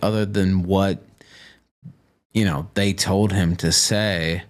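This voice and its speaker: Low-voiced man rambling casually. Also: steady tone, slow pace, pauses often. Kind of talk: casual stream talk.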